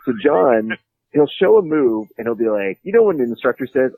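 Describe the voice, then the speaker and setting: A man's voice: mid-range voice, very animated, moderate pace, dark tone, husky, no room sound, poor audio. Joking man rambling in a dry studio. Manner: joking, rambling with many fillers. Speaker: podcast host and jiu-jitsu commentator, guest. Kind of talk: casual interview chat.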